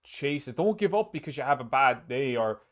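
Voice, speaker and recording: A man's voice: mid-range voice, lively intonation, normal speed, a bit bright. A man hosting a casual podcast chat, rambling with frequent restarts and casual swearing. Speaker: podcast host and streamer.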